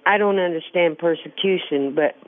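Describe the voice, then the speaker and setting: A woman from rural Illinois calling a radio show with an earnest, halting question, often repeating herself. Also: on the low side. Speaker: caller. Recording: tinny phone line.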